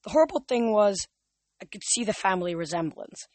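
A man's voice: sits high, lively intonation, darkish tone, no room sound. Young man reading aloud, dry close sound. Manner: halting, with restarts and fillers. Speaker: podcast reader. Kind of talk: casual audiobook reading.

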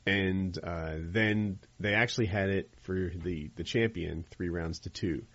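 A man's voice: low-pitched, unhurried, no echo. Man, casual podcast talk, laughs a lot, dull recording. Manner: laughs often, lively and conversational. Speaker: podcast co-host. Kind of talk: casual chat. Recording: dull lo-fi sound.

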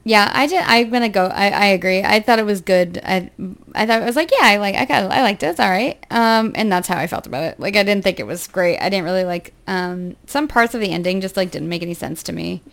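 An American woman in relaxed podcast banter, answering with dry, teasing quips. She laughs easily and keeps the chat on track. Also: mid-range voice, a little fast, gravelly. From United States. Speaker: podcast co-host. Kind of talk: casual chat.

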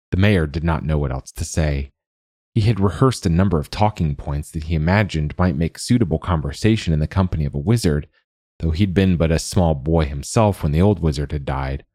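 A man with a very deep, low voice reads a storybook in a measured, wry manner. The recording is dry and close, with no room sound. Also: mellow, dry recording. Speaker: narrator. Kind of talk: storybook narration.

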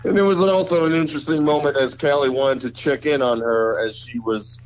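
A man's voice: mid-range voice, fairly even intonation, a little fast. A man from Pennsylvania co-hosting a casual podcast, talking in a rambling way with many fillers. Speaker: podcast co-host. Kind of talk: casual chat. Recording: slightly dull lo-fi audio.

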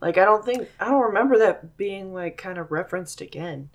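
A young woman co-hosting a casual podcast, discussing a TV series in a wry, sweary way, often trailing off quietly. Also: medium pitch, animated, a little fast. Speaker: podcast co-host. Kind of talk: casual chat reviewing a TV episode.

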